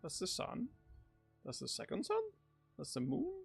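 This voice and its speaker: A man streaming a video game, rambling and joking as he reacts out loud. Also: a little high, wildly swooping pitch, normal speed, vocal fry, slightly rough, faint music behind. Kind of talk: casual gameplay commentary.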